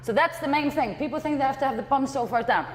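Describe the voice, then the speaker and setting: A high-voiced woman leads a workout class, cueing each move and encouraging everyone. She is out of breath, speaking between exercises in a reverberant hall with a faint hum of ambience behind her. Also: fast talker. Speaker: fitness trainer.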